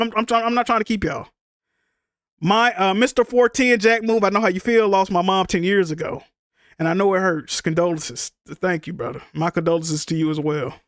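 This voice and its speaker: Grieving male streamer, high voice, dry close sound, rambling and profane as he vents to chat. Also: a bit bright, no room sound. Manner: emotional, rambling, profane venting. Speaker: livestreamer. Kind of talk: casual livestream talk.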